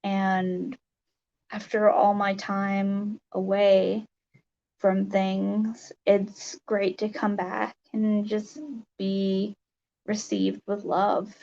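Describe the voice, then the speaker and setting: A woman talks slowly to her livestream viewers, her voice gravelly and close to tears. She stumbles and restarts, full of "um" and "you know." The webcam audio sounds dull and lo-fi. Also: medium pitch, monotone, mellow. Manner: emotional, tearful, halting with many fillers. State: teary, sniffling. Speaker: livestream host. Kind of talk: casual livestream chat to viewers. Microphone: webcam mic.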